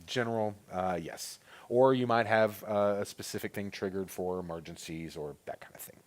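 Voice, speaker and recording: A man with a low, deep voice walks through audio software settings in a loose, conversational way. He talks casually and fills gaps with "uh" and "you know" as he explains each screen. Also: moderate pace. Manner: relaxed, filler-heavy explaining. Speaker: presenter of a training webinar. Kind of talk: casual technical walkthrough.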